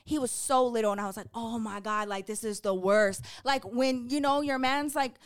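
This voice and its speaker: A young woman co-hosting a podcast, chatting casually and telling animated stories with voices and swearing. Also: fairly high pitch, normal speed, clear, resonant tone. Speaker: podcast co-host. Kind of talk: casual chat.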